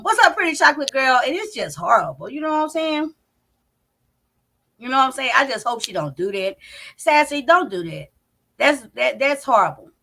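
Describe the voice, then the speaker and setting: A woman hosting a live commentary stream from home, loud and profane, talking straight to her chat. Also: sits high. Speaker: commentary channel host. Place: home, indoors. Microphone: not on camera, live stream mic.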